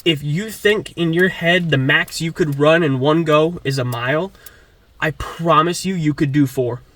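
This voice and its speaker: A man's voice: on the high side, unhurried, fairly bright tone, dry recording. A young man giving an earnest motivational talk before his gym day, swearing and repeating himself for emphasis. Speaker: fitness vlogger. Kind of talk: motivational monologue.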